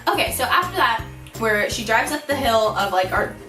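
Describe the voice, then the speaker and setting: A young woman vlogger telling a storytime in an animated, giggly way, acting out her own shouts. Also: on the high side, moderate pace, distant mic. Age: young adult. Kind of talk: storytime vlog. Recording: echoey room, a bit off-mic, music behind.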